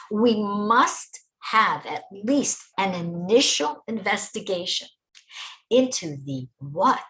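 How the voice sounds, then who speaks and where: Slow, lively-toned woman teaching. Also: lowish voice, low-quality recording. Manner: measured, with deliberate pauses and stressed words; addresses the listeners directly. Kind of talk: spoken lecture on faith.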